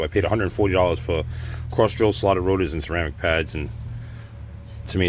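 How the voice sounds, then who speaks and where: Middle-aged New man, very low voice, offhand jokey garage vlogger, faint shop noise behind. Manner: joking, offhand, hands-on while working. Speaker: car repair vlogger. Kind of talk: casual how-to vlog.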